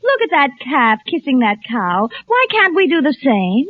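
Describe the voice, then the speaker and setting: A woman's voice: high voice, sing-song, moderate pace, phone-quality sound. A woman acting a gushing, gold-digging young sweetheart in 1940s radio comedy. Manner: gushing, breathless romance. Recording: noisy old radio broadcast with loud audience.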